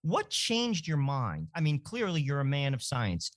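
A man's voice: on the high side, wildly swooping pitch, unhurried, no room sound, studio quality. A man co-hosting a radio show, asking questions in a conversational way with lots of fillers. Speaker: radio co-host.

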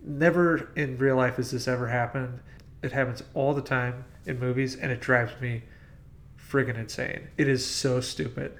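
A man's voice: mid-range voice, steady tone, moderate pace. A man hosting a casual movie podcast, ranting bluntly about film clichés. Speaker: podcast host. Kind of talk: casual movie-review chat.

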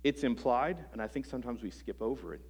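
A male preacher speaking at an ordinary, mid-range pitch, earnest and searching as he works through his point. He often stumbles and restarts a phrase, and he drops softly at the ends of lines. He keeps turning rhetorical questions back to the people in the pews. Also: lively intonation, husky. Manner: halting restarts, soft trailing phrase ends. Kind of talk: sermon. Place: church service before a congregation.

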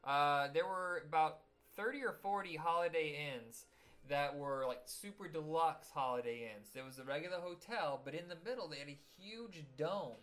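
Podcast host guy, kinda high voice, crude jokes, rambly. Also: normal speed, a bit bright. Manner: jokey, rambling, crude humor. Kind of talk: casual chat.

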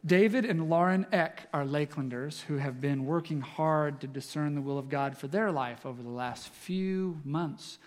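A man's voice: a little high, moderate pace, few pauses, long reverb tail. A man preaching as pastor in a church, earnest and encouraging. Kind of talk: sermon.

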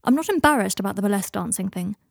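A woman's voice: medium pitch, animated, racing, creaky, dry recording, studio quality. A woman voicing a bitter, sardonic young man. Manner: cold, clipped and mocking. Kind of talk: audiobook reading of fan fiction.

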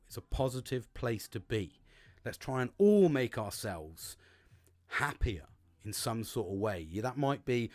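A man's voice: medium pitch, lively intonation, normal speed, darkish tone. A man hosting his own talk show, chatting casually and swearing a lot as he acts out his own thoughts. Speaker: podcast host. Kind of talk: casual monologue.

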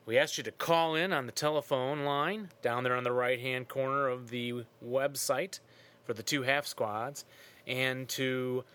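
A man hosting a podcast in casual chat, with relaxed, teasing banter. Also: mid-range voice. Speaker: podcast host.

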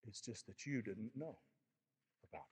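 A man's voice: on the low side, animated, measured pace, breathy edge. Impassioned male preacher in a reverberant hall. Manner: impassioned preaching, voicing Elijah's lament. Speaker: pastor. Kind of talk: sermon.

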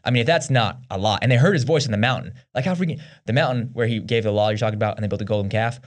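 Man, podcast co-host, fast, lowish voice, energetic, slangy. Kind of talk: casual faith podcast chat.

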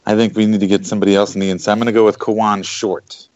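A man's voice: fairly low pitch, little pitch movement, very fast, darkish tone, dry recording, dull audio. A man on a podcast in casual chat, laid-back and swearing freely.

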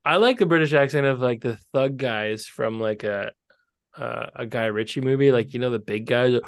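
A man's voice: medium pitch, moderate pace, vocal fry, no echo, studio quality. A man co-hosting a podcast in casual chat, sarcastic and often laughing. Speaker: podcast co-host.

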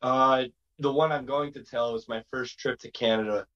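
Animated male wrestler telling road stories, lo-fi. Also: mid-range voice, normal speed. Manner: animated, jumps into quoted voices and asides. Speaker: pro wrestler guest. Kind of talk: casual storytelling interview.

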